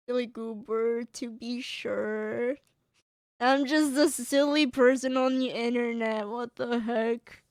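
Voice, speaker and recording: A woman's voice: a little high, fairly even intonation, slow pace, dry recording, studio quality. A woman streamer chatting on a livestream, choked up and tearful, giggling between her phrases. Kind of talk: casual livestream chat.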